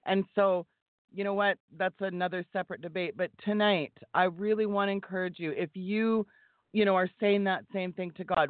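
A woman's voice: medium pitch, fairly even intonation, moderate pace, no echo. A woman guest speaking in a fervent, exhorting, preaching style, heard over a phone line. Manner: emphatic, exhorting. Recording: tinny phone line, dry.

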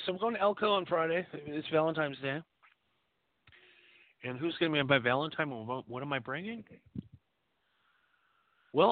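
A man with a mid-range voice hosts a call-in program, swearing, rambling and talking crudely with plenty of animation. There's no room sound, and the audio is narrow and tinny.

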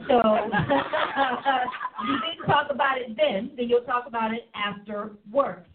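Brief: exuberant woman show host, high voice, phone-thin sound. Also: slow, phone-quality sound, background noise. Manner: exuberant, preachy, laughing. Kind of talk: lively live show chat.

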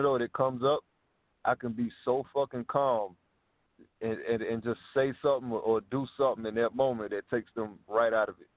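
A man's voice: mid-range voice, no room sound. A man co-hosting a casual podcast chat, blunt, insistent and profane. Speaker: podcast co-host. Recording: dry, tinny phone-like sound.

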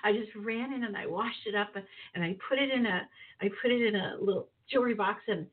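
A woman telling a lively personal story with laughter, acting out voices as she goes. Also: mid-range voice, brisk. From northern Minnesota. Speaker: guest. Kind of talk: animated storytelling. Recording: phone-like narrow sound.

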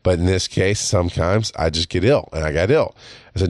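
A man's voice: low-pitched, brisk, dry recording. A man hosting his own podcast, telling a story in heated, profane monologue and putting on other people's voices. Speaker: podcast host. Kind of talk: casual monologue.

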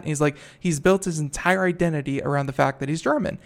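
Gravelly man steering a podcast chat. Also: a little high, fast, few pauses. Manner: steers the talk, relaxed, tells anecdotes. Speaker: podcast host.

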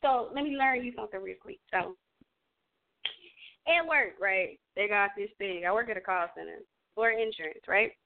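A woman hosting a casual radio chat, animated and playfully switching voices. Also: medium pitch, moderate pace, creaky, background noise. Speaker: show host. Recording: tinny phone-line sound.

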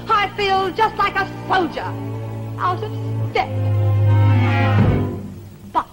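A woman's voice: extremely high pitch, heavily acted, low-quality recording. An actress playing a theatrical female movie star diva, talking in a grandiose, breathless, melodramatic gush in the style of 1940s film musicals.

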